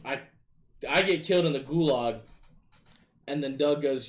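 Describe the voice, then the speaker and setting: A man casually telling gaming stories in a profane, animated, exasperated way. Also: a little high, unhurried, pauses often. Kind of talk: casual storytelling chat.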